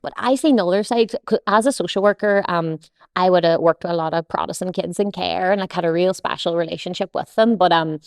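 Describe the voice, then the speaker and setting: A woman's voice: on the low side, fairly quick, no room sound, studio quality. A young woman with a Northern Irish accent, a podcast guest telling stories bluntly and swearing freely. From Northern Ireland. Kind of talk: casual podcast interview.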